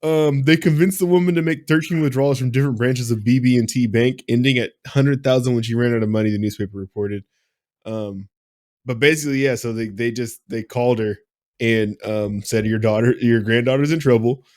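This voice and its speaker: A laid-back man co-hosting a podcast in casual chat. He is easily amused and at times reads a news story aloud in a plain, unhurried way. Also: medium pitch, fairly even intonation, a little mellow. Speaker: podcast co-host.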